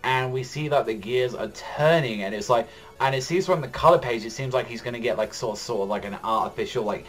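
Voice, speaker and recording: A young man recapping a comic chapter in loose, rambling talk, his pitch sitting right in the middle of the usual male range. He leans on "like" constantly and swears freely as he goes. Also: a little fast. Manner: rambling, heavy use of "like", swears often. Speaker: anime and manga reaction vlogger.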